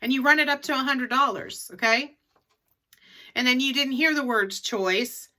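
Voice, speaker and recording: A woman's voice: sits high, normal speed, bright, forceful tone. A middle-aged woman in a casual advice vlog, chatty and repeating her key tips for emphasis. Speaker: reseller vlogger.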